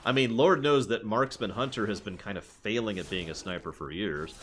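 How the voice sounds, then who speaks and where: A man's voice: on the low side, fairly quick, slight background noise. A man streaming a video game, chatting casually and answering his chat as he plays. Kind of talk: casual gameplay commentary.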